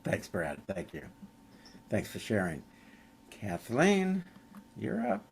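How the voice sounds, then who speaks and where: A man's voice: on the low side, wildly swooping pitch, takes it slowly, gravelly, a little hiss or hum. A man chairing an online recovery meeting, giving friendly, informal instructions and calling on speakers over a video call.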